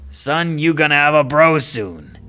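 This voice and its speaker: A man's voice: on the high side, lively intonation, measured pace, pushed and bright, clean tone, soft background music. A man voicing a jovial, rambling animal father in a game who laughs at his own stories. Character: chatty male animal father, jovial storyteller.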